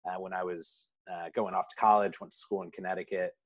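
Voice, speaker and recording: A man from New York City with a neutral American accent is a guest in a casual interview. He tells stories full of fillers and restarts in a low, level voice at a fairly quick pace. The audio is muffled and lo-fi.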